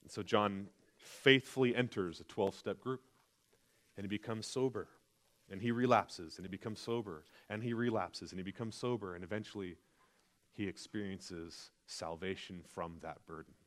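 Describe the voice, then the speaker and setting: A man's voice: on the low side, normal speed. A man, a pastor, preaching a sermon in an earnest, confessional storytelling manner.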